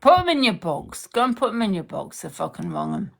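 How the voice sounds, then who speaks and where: A woman's voice: mid-range voice, wildly swooping pitch, brisk, gravelly. A young woman in a heated, confrontational social media rant, repeating herself for emphasis.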